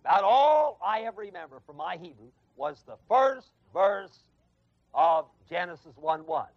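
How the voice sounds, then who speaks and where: On a dull, lo-fi 1970s tape of a dry classroom, a Bible teacher lectures an evening adult education class at a college. His voice is high, gravelly, and sing-song, and he takes his time. He stresses and repeats key phrases emphatically and chuckles at his own stories.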